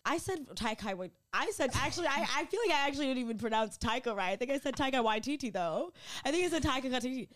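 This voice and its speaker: A woman co-hosting a podcast in casual, excitable chat, often laughing and acting out quotes. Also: high voice, quick pace, few pauses. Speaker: podcast co-host.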